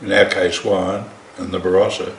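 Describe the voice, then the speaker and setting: Old aussie bloke telling yarns, low gravelly voice, salty dry humour, echoey kitchen. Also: male voice, level tone, moderate pace. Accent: Australian. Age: older. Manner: earthy, salty, drily humorous. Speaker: winemaker telling stories. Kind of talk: anecdotal storytelling. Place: large home kitchen. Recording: roomy kitchen echo, faint hiss.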